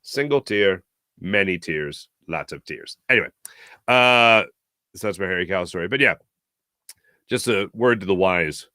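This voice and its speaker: Male sports talk host, chatty storyteller, tense bright tone, dry close sound. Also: sits low, animated, normal speed, long pauses, no room sound. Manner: chatty, storytelling, self-mocking asides. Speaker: podcast host. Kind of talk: casual monologue.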